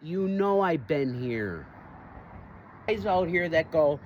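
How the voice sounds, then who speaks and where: A man ranting angrily outdoors in public, profane and bursting into shouts. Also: fairly high pitch, animated, slow, dull audio. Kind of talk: angry rant to camera. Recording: outdoor street noise, traffic.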